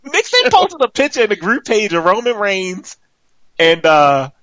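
In a dry recording, a man whose voice sits high talks a little slowly. He co-hosts a wrestling podcast, chatting casually in a brash, animated way, full of teasing and free swearing.

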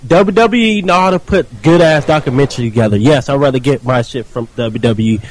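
A man's voice: medium pitch, fairly quick, slight background noise. A man in casual chat, blunt and swearing.

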